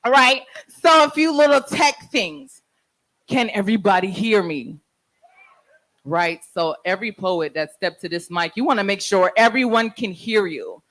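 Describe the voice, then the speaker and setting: Speaking into a handheld mic on a venue stage, a woman hosts a live open mic in a mid-range, slightly bright voice at a somewhat slow pace. She's brash and playful, teasing the crowd and hyping them up, though the audio is poor.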